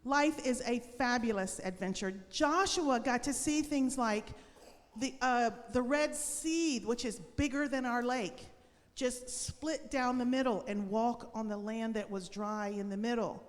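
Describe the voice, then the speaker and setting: High-voiced upbeat woman teacher, echoing room. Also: unhurried. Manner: upbeat, encouraging, talks to children. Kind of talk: Christian school devotional lesson and prayer.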